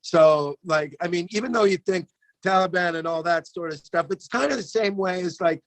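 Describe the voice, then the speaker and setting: A man's voice: high voice, moderate pace, no room sound. A man co-hosting a call-in show, chatting loosely and comically, swearing and laughing as he goes. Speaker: comedian co-host. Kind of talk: casual comedic chat.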